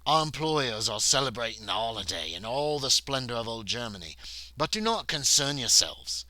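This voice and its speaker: A man voicing a formal, courteous hunchbacked male butler in a solo tabletop horror game, speaking in a measured, polite way. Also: mid-range voice, very animated, sharp tone.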